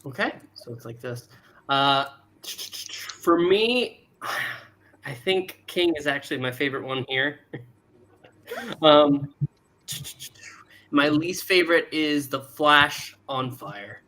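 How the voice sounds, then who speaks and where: A man's voice: on the high side, takes it slowly, pauses often, bright, forceful tone. A man hosting a casual online panel, leading the ranking and calling on each panelist in turn. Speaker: show host. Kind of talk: casual group discussion.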